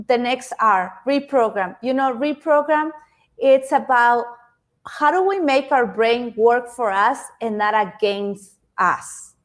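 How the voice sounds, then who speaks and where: High-pitched woman, non-native English speaker, chatty motivational speaker who repeats herself and keeps checking in with listeners. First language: not English. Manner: chatty, repeats words, speaks to the audience directly. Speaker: speaker giving a self-help talk. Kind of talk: interactive motivational talk.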